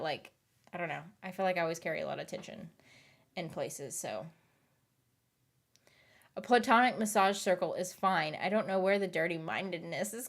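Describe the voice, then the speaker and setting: Giggly, rambling woman in her thirties. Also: fairly low pitch. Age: 30s. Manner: giggly and rambling, often laughing and trailing off. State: tired. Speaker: streamer. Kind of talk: casual late-night chat with viewers.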